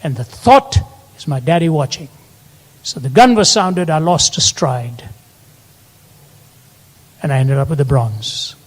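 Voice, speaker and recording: Older man preaching, fairly high voice, earnest storytelling, long reverb in a big hall. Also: animated, a little slow, long pauses. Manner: earnest storytelling, rising to emphatic peaks. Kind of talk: sermon.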